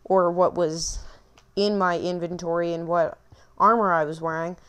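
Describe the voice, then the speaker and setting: A woman's voice: fairly low pitch, fairly even intonation, normal speed, a bit bright, smooth. A woman hosting a gaming channel, rambling and self-mocking through casual gameplay commentary.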